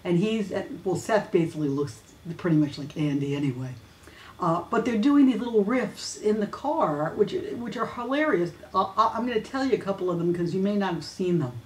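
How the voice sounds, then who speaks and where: A woman's voice: mid-range voice, lively intonation, a little fast. A woman hosting a weekly fan news videocast, talking casually and chattily with many fillers and restarts. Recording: roomy echo.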